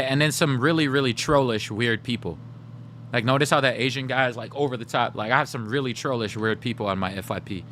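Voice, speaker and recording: A man's voice: medium pitch, sharp tone, a little hiss or hum. A man livestreaming, chatting casually with his viewers, addressing the chat directly and laughing often.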